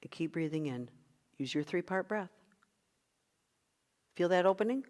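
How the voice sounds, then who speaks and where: Middle-aged woman, vocal coach, encouraging, slightly low voice, guides breath work. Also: animated, unhurried, darkish tone. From United States. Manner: guiding breathing exercises, encouraging. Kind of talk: online vocal workshop.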